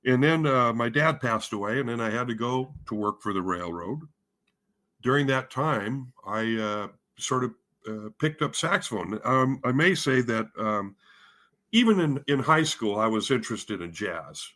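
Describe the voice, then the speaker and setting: A man's voice: mid-range voice, animated, measured pace, sharp tone. Man from spokane, casual interview talk, rambling, lots of fillers and restarts, self-deprecating. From Spokane, Washington. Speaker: guest, head of bands at a music school.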